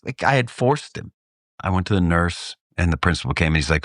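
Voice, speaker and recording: A middle-aged man from Texas tells a story on a podcast. His pitch swings widely as he acts out the people in it, and he laughs often. The recording is dry and close. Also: brisk, no echo. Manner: animated, acts out voices in anecdotes, laughs often. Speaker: podcast co-host. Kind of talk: casual storytelling. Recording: dry close studio mic.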